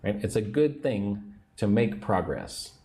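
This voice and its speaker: A man teaching English on a livestream, speaking slowly and patiently and repeating phrases for learners. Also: on the low side, animated, mellow. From United States.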